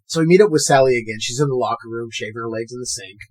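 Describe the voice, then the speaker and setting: A man co-hosting a podcast in a casual chat, recapping a film in an animated way, acting out the characters' lines and swearing freely. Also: mid-range voice, racing, breathy edge. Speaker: podcast co-host.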